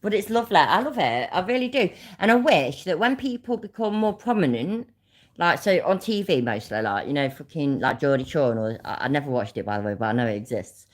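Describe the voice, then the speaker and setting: Leicester lady on a livestream, low voice, swears a lot, talks blunt and bouncy. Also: expressive, fairly quick. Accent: Leicester English. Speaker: YouTube host. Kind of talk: casual livestream chat.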